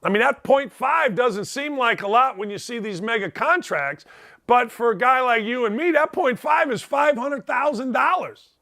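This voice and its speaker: A man's voice: very high-pitched, moderate pace, gravelly, sharp tone. A middle-aged man hosting a sports talk show, ranting bluntly and sarcastically in a rambling way. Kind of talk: opinionated talk radio rant.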